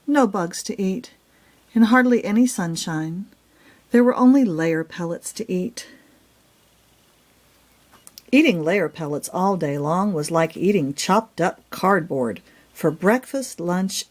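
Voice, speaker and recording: A woman reading her own children's storybook aloud in a gentle, expressive storytelling voice. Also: mid-range voice, slow.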